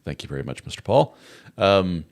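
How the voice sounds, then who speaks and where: A middle-aged man hosts a casual live-stream chat show, joking and chatting as he greets viewers and reads their comments out loud. His voice is low and very animated, at a moderate pace.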